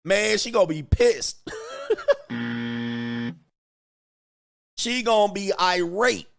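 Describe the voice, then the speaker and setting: A man hosting a livestream, ranting casually and profanely while acting out quotes in animated bursts. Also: high-pitched, extremely slow, creaky. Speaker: livestream host. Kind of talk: casual commentary rant.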